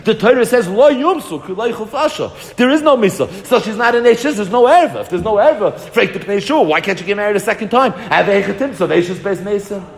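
A man teaching a Talmud lesson in an animated way, arguing both sides of a debate and often repeating words as he thinks. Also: high-pitched, brisk, few pauses, long reverb tail. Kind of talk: Talmud lecture.

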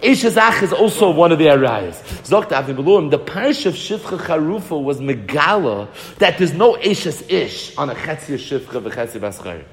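A man teaching a Talmud lesson in an animated way, arguing both sides of a debate and often repeating words as he thinks. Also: fairly high pitch, normal speed, big-room sound. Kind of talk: Talmud lecture.

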